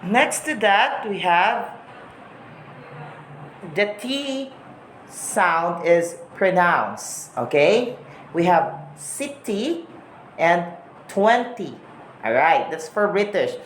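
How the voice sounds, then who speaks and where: Woman, teacher, repeats words slowly, echoey room, faint background noise. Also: on the low side, expressive. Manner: slow, repeats example words to model pronunciation. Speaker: English teacher. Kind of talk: recorded lesson on English accents.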